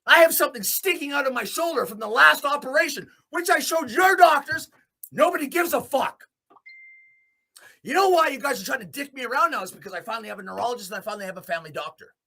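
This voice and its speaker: A man from Alberta, Canada, hosting a podcast and delivering an angry, profane rant, swinging between low muttering and shouting. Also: expressive, fast talker, vocal fry. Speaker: host. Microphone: podcast mic in a small room.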